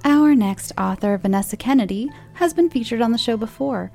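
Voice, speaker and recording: A woman hosts a story podcast and introduces the next author in a scripted read. Her voice is mellow and gravelly. Faint music sits behind her. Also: fairly high pitch, brisk. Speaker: host.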